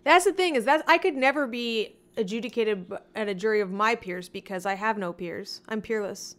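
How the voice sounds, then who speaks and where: A woman's voice: fairly high pitch, fairly quick. A woman co-hosting a podcast, arguing brashly and swearing in casual chat. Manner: brash, profane, argumentative. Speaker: podcast co-host.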